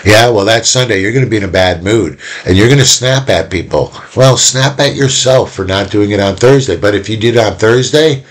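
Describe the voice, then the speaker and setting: Male teacher, deeper voice, chatty and animated, a casual video lesson with bits of play-acting. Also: fairly quick, hardly any pauses. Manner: animated, chatty, acts out little quoted exchanges.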